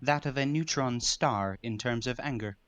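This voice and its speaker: A man's voice: medium pitch, moderate pace, a bit bright, dry recording. A man role-playing a character at a tabletop game, speaking in a formal, stiff manner. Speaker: player.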